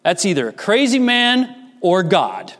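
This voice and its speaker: A man preaching a sermon as a pastor, swinging from loud, rising emphasis to hushed, low asides. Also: very animated, measured pace. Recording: reverberant hall.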